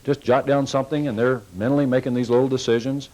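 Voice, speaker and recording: A man's voice: medium pitch, steady tone, fast, darkish tone, rough recording. A man giving a sales training talk to car salespeople, folksy and coaching, acting out little customer exchanges as he goes.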